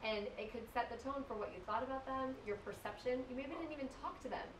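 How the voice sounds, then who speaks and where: A woman's voice: high voice, quick pace. A woman hosting an interview show, talking in long reflective thoughts. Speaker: interview host. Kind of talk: casual interview chat. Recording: roomy, distant mic with clear noise.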